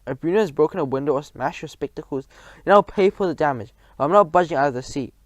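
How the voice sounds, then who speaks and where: A man reading a storybook aloud, voicing a prim, snobbish middle-aged woman in a shrill, indignant voice. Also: lively intonation, fast talker, no room sound, lightly acted.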